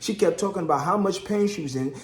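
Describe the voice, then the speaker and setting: A man spins a lively story about his wife's labor, calling out to viewers as he goes. His voice sits a little high. The room around him is echoey. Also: fast talker. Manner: animated, chatty, addresses viewers as y'all, acts out quotes. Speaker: husband telling a birth story. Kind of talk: casual storytelling vlog.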